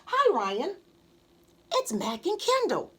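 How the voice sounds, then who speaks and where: Chatty little city boy in a storybook, playful and quick to joke, voiced high and lively, as a woman reads him. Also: slight background noise, full character voice. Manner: playful, talkative.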